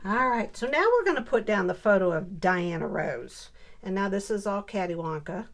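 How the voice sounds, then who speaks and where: An older woman and grandmother chatting casually through a scrapbooking tutorial. She often mutters softly to herself while she works. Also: mid-range voice, animated, moderate pace, noisy background. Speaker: scrapbooking crafter and channel host. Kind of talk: casual crafting tutorial chat.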